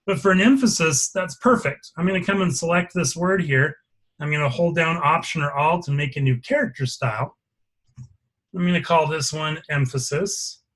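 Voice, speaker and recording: Male instructor, slightly high voice, walks through a screen demo step by step, asks for questions. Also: a bit bright. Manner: explains step by step, checking for questions. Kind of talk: live software lesson with screen demo.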